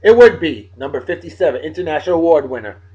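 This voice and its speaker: A middle-aged man hosts a casual vlog, upbeat, jokey and hammy as he gives shout-outs. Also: a little high, lively intonation, quick pace, slightly rough, highs cut off. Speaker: vlog host.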